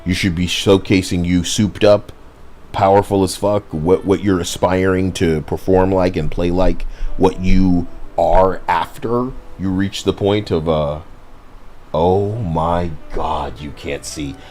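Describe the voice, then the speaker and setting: A man's voice: sits low, fairly even intonation, slow, a little mellow, a little hiss or hum. A young man casually commenting on a game stream, rambling and talking to his chat. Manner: rambling, apologetic, talks to chat.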